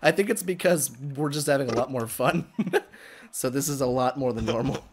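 A man hosting a casual gaming livestream, joking crudely with friends and breaking into excited shouts. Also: medium pitch, moderate pace, breathy edge. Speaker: livestream host.

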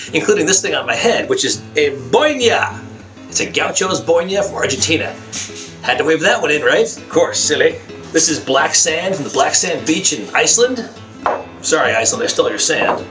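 A man hosting a cooking show, chatting excitedly, laughing and swearing as he works. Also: fairly high pitch. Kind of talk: casual cooking demonstration. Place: kitchen studio.

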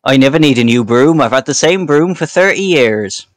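A man's voice: mid-range voice, animated, moderate pace, dry recording, clean studio sound, natural voice. A man voicing a chatty male cleaner in a put-on West Country accent, rambling and folksy. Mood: proud.

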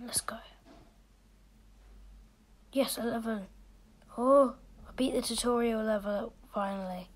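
A woman's voice: on the high side, steady tone, takes it slowly, long pauses, a bit bright. A woman giving casual gameplay commentary, frustrated, often dropping to a whisper. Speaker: gaming video creator.

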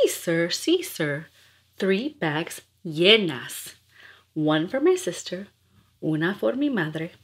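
A woman's voice: fairly low pitch, a bit bright. A woman reading nursery rhymes aloud in a playful, rhythmic, sing-song way. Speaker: storyteller.

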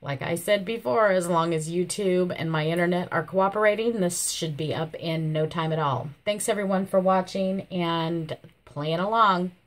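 A woman with a lowish, slightly hoarse voice chats casually to the camera as a vlog host. She gushes over every detail and repeats her thanks again and again, her throat catching now and then from a coming cold. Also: normal speed. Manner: gushing, repeats thanks and praise. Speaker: channel host showing a viewer's craft entry.

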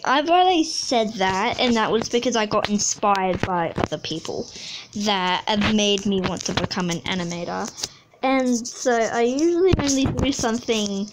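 A woman's voice: medium pitch, normal speed, noisy background. A teenage girl who makes animations, chatting casually and rambling while she draws, swearing a lot and losing her train of thought. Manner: profane, rambling, easily sidetracked. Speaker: animation channel creator.

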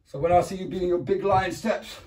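At normal speed and with a darkish tone, an English-accented man teaches a home PE lesson to young children as their primary school PE teacher. He encourages, counts down, praises often and does animal noises, roars and squeaks. The room is echoey and the mic distant.

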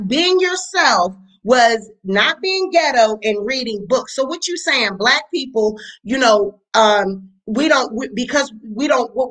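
A woman, talking high and bright. She gives a blunt, heated reaction commentary full of profanity, speaking straight into the mic. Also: low-quality recording. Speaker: commentary channel host.

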